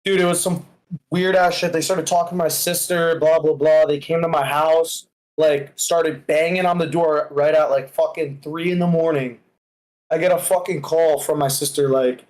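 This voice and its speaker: A young man joins the stream and rambles through his own story with lots of swearing. His voice sits a little high. He sounds laid-back and casual. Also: steady tone, moderate pace, a little mellow, low-quality recording. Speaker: stream guest.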